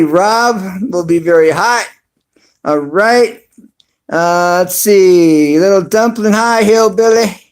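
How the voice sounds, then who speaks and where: A man hosting a casual livestream, reading viewer comments aloud with lots of fillers and little chuckles. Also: high voice. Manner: reads chat aloud haltingly with many fillers and chuckles. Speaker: livestream host.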